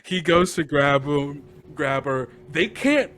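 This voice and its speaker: A man with a fairly high voice tells the story of a tabletop game session as a guest game master. His pitch swings widely as he talks, and he laughs often and fills his sentences with "like." A faint hum of noise sits behind him. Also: slow pace. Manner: lively, laughs often, many fillers. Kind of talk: animated storytelling recap.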